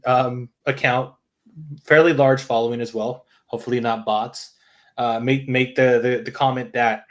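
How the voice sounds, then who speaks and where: Blunt, cussing podcast guy. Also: medium pitch. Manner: swears freely, blunt and heated. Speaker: podcast co-host. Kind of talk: casual chat.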